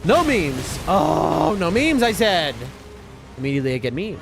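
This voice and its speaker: A high-pitched male streamer gives live gameplay commentary, his voice swinging wildly up and down as he yelps and mutters to his chat. Loud game music plays clearly behind him. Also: sing-song, a little slow. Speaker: gaming streamer.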